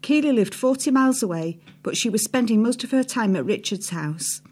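A woman with a fairly high voice reads a newspaper feature aloud. She narrates in an even, measured way and drops low on each "she says" tag. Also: slightly rough. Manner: reads quotes with a lift, drops for speech tags. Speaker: narrator reading an article. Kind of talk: scripted narration reading quotes aloud.

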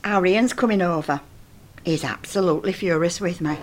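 A woman's voice: on the low side, big pitch swings, normal speed. An older woman with a Northern English accent, telling a comic monologue in a chatty, gossipy and flustered way.

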